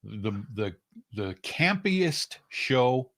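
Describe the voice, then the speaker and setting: A man co-hosting a radio show in casual chat, animated and quick to laugh. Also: medium pitch.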